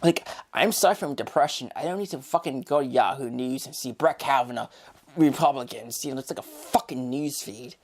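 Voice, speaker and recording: A woman's voice: extremely low pitch, fairly quick, a little mellow. A young woman vlogger talking straight to camera, rambling and swearing in an exasperated rant. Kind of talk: casual opinion rant.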